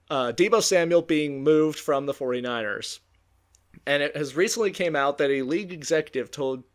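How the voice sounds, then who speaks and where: A man's voice: medium pitch, a bit bright. A young man co-hosting a casual sports podcast, rambling and self-mocking as he talks. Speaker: podcast co-host.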